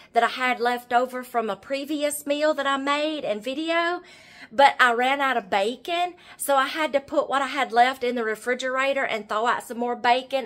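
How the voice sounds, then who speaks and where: A woman's voice: sits high, fairly bright tone. Chatty Southern grandmother cooking at home. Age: older. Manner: chatty, keeps addressing viewers as y'all and checking okay. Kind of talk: casual cooking demonstration. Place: home kitchen.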